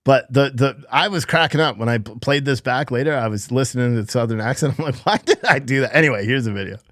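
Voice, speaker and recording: A man's voice: medium pitch, fast talker, a bit bright, no echo, clean studio sound. A man hosting a casual livestream, laid-back and chuckling, swearing now and then. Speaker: show host.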